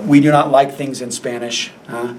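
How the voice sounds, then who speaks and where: A man's voice: medium pitch, little pitch movement, normal speed, recorded from a distance, a little hiss or hum. A man teaching a Spanish grammar lesson in a classroom, repeating points and asking rhetorical questions. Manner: repetitive, asks rhetorical questions, stretches words for emphasis.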